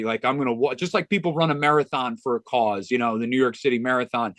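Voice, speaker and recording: An earnest man in a podcast interview tells a story from the heart, stumbling into restarts and filling gaps with "you know". His voice sits at an ordinary middle pitch. The recording is close and dry. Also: a little fast, few pauses, fairly bright tone, no room sound. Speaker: golf club director of instruction, podcast guest.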